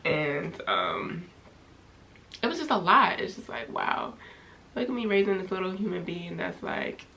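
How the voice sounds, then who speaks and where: A young woman speaks straight to her viewers in a casual vlog, her low voice carrying a gravelly fry. She talks candidly and loosely, full of "like" and "you know", circling her thoughts as she goes. A faint hiss sits under the recording. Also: wildly swooping pitch, unhurried, bright, forceful tone. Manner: candid, rambling with many fillers. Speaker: vlogger.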